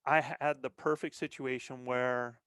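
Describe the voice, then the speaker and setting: A middle-aged man talking in a loose, plainspoken way on a podcast, restarting phrases and dropping in "man" as he goes. His voice sits at an ordinary pitch. The sound is dry, with no room around it. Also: steady tone, a little slow, a bit bright, clean tone, dry recording. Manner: plainspoken, says "man" often, repeats words when restarting. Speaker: guest, elk hunter. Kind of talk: casual podcast conversation.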